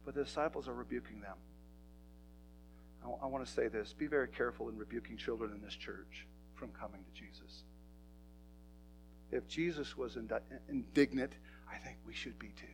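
A man's voice: medium pitch, moderate pace, faint music behind, low-quality recording. A man preaching a sermon in a church, talking to his congregation in an emphatic, conversational way. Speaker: pastor.

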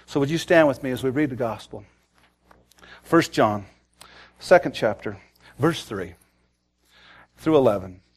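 A pastor in his forties preaching a sermon, telling stories and acting out the quotes with big swings from loud to soft. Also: mid-range voice, expressive, measured pace, long pauses, slightly rough. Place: church sanctuary.

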